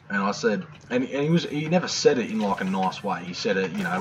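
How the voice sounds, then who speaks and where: Deep-voiced young Australian man, crude and rambling. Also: quick pace, hardly any pauses, noisy background. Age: young adult. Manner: crude, rambling, swears a lot. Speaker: gaming video creator. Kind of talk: casual storytelling over gameplay.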